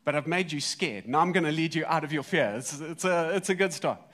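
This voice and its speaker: A man preaching a sermon, telling a story in a lively way, swinging between loud and soft. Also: fairly high pitch, brisk. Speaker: pastor.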